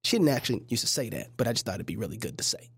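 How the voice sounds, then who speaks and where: A woman hosts a casual livestream and reacts to a clip with joking, preachy asides. Her voice swoops up and down over a wide, animated range. The sound is close and dry, with little room to it. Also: extremely low pitch, very fast, breathy edge, dry recording. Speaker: livestream host.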